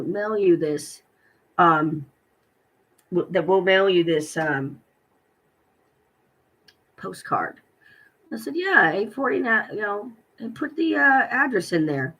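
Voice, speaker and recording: A woman's voice: fairly low pitch, fairly bright tone, husky, poor audio. A middle-aged woman vlogger telling a personal story in a rambling, indignant way, with many ums and restarts.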